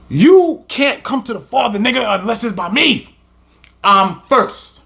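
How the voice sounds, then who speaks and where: A man teaching a scripture lesson with fiery passion, his voice breaking up as he shouts. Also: high voice, expressive, measured pace, gravelly. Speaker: religious teacher.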